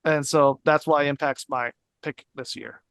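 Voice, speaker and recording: A man's voice: fairly high pitch, steady tone, measured pace, vocal fry, a bit bright, smooth, no echo. A man on a casual panel, talking with jokey enthusiasm. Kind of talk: casual chat.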